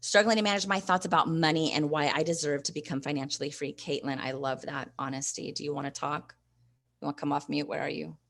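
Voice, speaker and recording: A woman's voice: sits low, fairly even intonation, fast, vocal fry, a bit bright. A woman hosting a live online training, coaching viewers and reading their comments aloud in an encouraging way. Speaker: host and investing coach.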